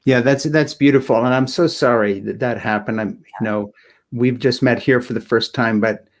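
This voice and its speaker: An older man, an author guest in a live online interview, talking in an earnest, halting way and searching for his words. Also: medium pitch, steady tone. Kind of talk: reflective interview talk.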